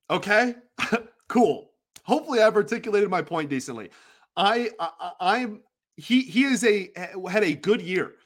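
A man's voice: high-pitched, fairly bright tone. A man hosting a solo sports podcast, talking casually in a rambling, opinionated way and laughing often.

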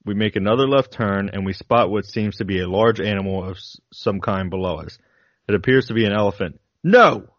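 Male co-host, low voice, reads dramatically; dull, dry sound. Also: a little fast, no echo. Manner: dramatic reading with laughs breaking in. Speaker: podcast co-host. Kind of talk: reading a flight log aloud, then casual chat.

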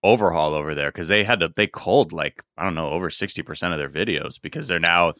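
A man's voice: low-pitched, quick pace, pushed and bright, no echo, clean studio sound. A man co-hosting a comedy podcast, riffing sardonically and swearing casually. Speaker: podcast co-host.

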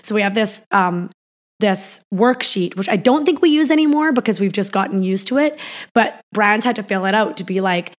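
A woman's voice: medium pitch, moderate pace. A woman from Canada talking as a business founder in a casual interview, rambling with lots of fillers and restarts.

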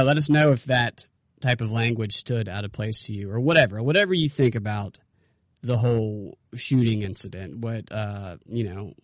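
A man's voice: lowish voice, no room sound, studio quality. Argumentative male podcast co-host. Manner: argumentative, rhetorical questions. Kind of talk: casual political podcast chat.

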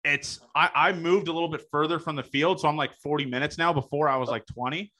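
Young male host, bright tense voice, blunt and profane. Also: on the high side, steady tone. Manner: blunt and profane, drawn-out phrasing. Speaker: podcast host. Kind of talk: casual podcast chat.

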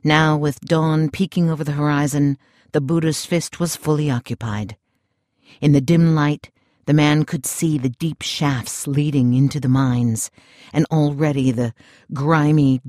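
Slow, calm male audiobook narrator. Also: mid-range voice, no echo, clean studio sound. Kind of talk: scripted narration.

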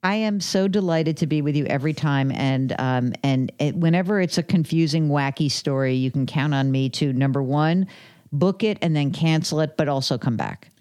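A woman's voice: deep voice, normal speed, darkish tone, clean tone. A woman guest, an author and podcaster, chatting cheerfully with the hosts. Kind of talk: casual chat.

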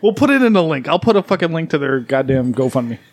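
A man co-hosting a podcast, excitable and profane, laughing often as he banters. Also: a little high, quick pace, dry recording. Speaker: podcast co-host and editor.

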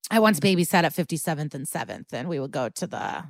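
A woman's voice: low-pitched, lively intonation, fast talker, dry recording. A woman co-hosting a podcast, casually recapping an episode in a chatty, profane way. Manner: chatty, profane, acts out quotes. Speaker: podcast co-host.

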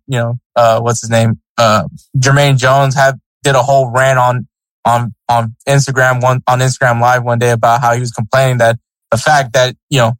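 A man's voice: medium pitch, fairly bright tone, dry recording, rough recording. A man co-hosting a sports podcast in casual chat, rambling with many fillers and restarts. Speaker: podcast co-host.

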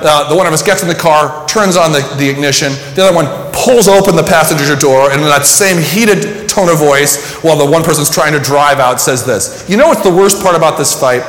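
A man's voice: a little high, brisk, few pauses, a bit bright. A man preaching a sermon, telling a personal story and reflecting in a conversational way. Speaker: pastor. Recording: echoey hall with long reverb.

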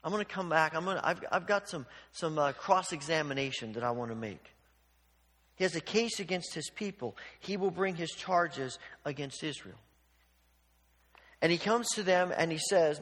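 A man preaching a sermon, animated, acting out the voices of God and the people with sarcastic asides. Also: on the high side, fairly quick, big-room sound. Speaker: pastor.

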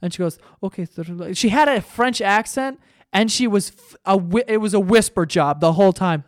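A young man hosts his podcast, spinning a long, profane story in a loose, chatty way. His voice sits a bit high and comes through smooth and clear. The recording is dry and close, with no room around it. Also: normal speed, dry recording. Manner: animated, profane, jumps into quoted voices. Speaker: podcast host. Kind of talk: casual storytelling monologue.

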